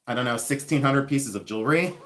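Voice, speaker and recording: A man's voice: medium pitch, moderate pace. A man hosting a live jewelry unboxing stream, chatting casually and joking about himself. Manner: chatty, self-mocking, laughs often. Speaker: livestream host selling vintage jewelry.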